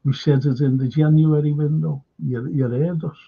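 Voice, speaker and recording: Pitched slightly high, gravelly and husky, this fan channel host talks slowly with fairly even intonation on his live show. He answers viewers by name, stressing and repeating his points with an occasional curse, all in dull lo-fi audio.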